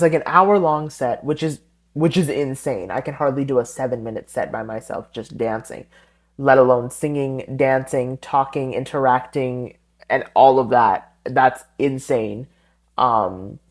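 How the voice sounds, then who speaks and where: Rambling solo podcast host, a man. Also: mid-range voice. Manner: rambling, tangent-prone, self-correcting.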